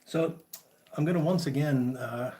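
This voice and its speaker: A man hosting a casual live chat, greeting viewers by name in a relaxed, friendly way. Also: on the high side, measured pace. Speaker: livestream host.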